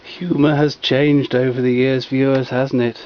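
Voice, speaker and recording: A man's voice: medium pitch, level tone, unhurried, lo-fi sound, very noisy. Chatty man introducing an old record. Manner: chatty, old-fashioned British phrasing. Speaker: channel host introducing records. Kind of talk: casual spoken introduction.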